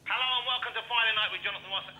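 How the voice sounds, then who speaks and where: A man voicing a talking teddy bear toy in a high, squeaky recorded voice. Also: very fast, very noisy, close to an everyday voice. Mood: chirpy.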